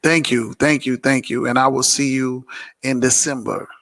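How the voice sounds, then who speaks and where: A man hosting a casual live Q&A, talking in an animated, slangy, repetitive way. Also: medium pitch, normal speed. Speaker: host of a live Q&A. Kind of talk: casual live-stream chat.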